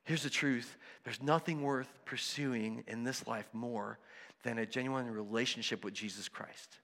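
A man preaching a sermon, conversational and animated, acting out the voices of people in his stories. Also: mid-range voice, measured pace, in a large hall. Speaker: pastor.

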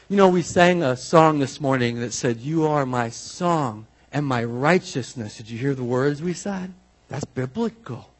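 A man preaching a sermon as pastor, animated and conversational, with many asides and repeated phrases. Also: on the high side, slightly rough.

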